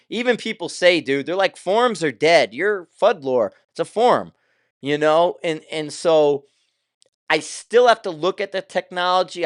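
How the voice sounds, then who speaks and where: A man's voice: fairly high pitch, smooth, dry recording, studio quality. An older man hosting his own show, talking in a casual, rambling way with loose, profane asides. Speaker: show host.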